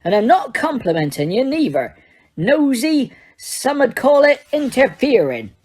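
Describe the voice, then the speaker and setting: A woman voicing a huge, gruff, bearded gamekeeper who talks bluntly in dialect, lifted higher and louder than her narration. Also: very animated, measured pace, heavily acted. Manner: blunt, dialect-heavy speech.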